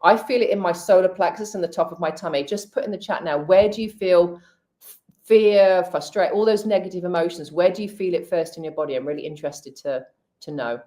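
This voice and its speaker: Middle-aged woman, lowish voice, candid, chatty live stream, hypnotherapist sharing tips. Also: brisk, warm tone. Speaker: hypnotherapist and healer. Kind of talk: casual live-stream chat.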